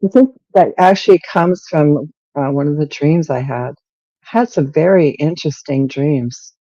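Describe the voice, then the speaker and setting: A middle-aged woman, a podcast guest, telling a story in an animated, lively way and acting out her own lines. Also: low voice, normal speed, no room sound, muffled recording. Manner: animated, lively retelling with acted-out quotes. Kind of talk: storytelling in an interview.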